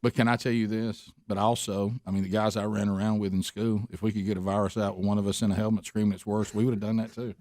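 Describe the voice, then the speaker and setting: A man's voice: fairly low pitch, flat delivery, fast, hardly any pauses, a little mellow, no echo, clean studio sound. A man hosting a talk radio show, joking and chuckling as he tells stories. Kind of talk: casual talk radio banter.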